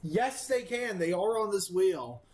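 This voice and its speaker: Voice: medium pitch, animated, measured pace, darkish tone, poor audio. A gaming video creator giving casual let's-play commentary, rambling and self-amused, with many fillers.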